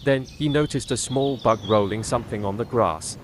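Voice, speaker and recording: Calm male storybook narrator. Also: mid-range voice, moderate pace, slight background noise.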